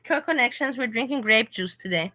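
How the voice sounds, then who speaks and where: Bright-voiced woman chatting on a livestream. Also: on the high side, a little fast, low-quality recording. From Europe. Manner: animated, talks back to chat commenters. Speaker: livestream host reading chat. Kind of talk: casual livestream chat. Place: hotel room.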